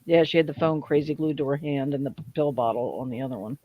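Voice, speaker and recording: A man in a casual podcast chat, blunt and excitable, swearing freely. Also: a little high, fast, dry recording, muffled recording.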